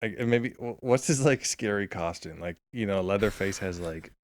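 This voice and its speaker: A man's voice: on the low side, normal speed. A man co-hosting a podcast in casual chat, playfully spinning made-up story ideas. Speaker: podcast co-host.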